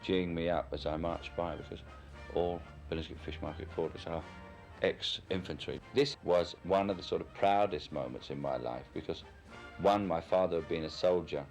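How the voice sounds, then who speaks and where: A man's voice: a bass voice, normal speed, a little mellow, faint music behind. A man with a Cockney accent from London, giving a frank, opinionated and reflective account in a candid documentary interview. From London, England.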